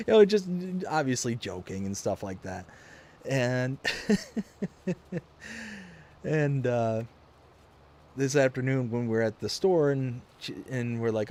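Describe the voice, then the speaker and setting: A man chats to his live-stream audience from a home office while he plays a farming game. His voice sits at an ordinary middle pitch. He rambles in a jokey way and chuckles often, the easy talk of a regular host. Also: slow, pauses often, darkish tone. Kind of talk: casual chat while gaming.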